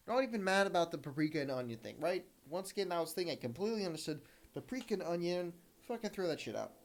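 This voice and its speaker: Young male podcast host, swears a lot while venting, soft music underneath. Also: a little high, expressive, fairly quick. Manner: heated, profane storytelling. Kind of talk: solo podcast rant.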